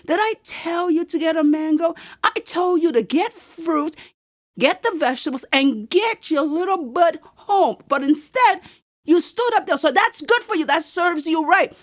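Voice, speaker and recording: Woman playing a stern mother, high voice, sharp scolding. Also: lively intonation, normal speed. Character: stern strict mother scolding her daughter.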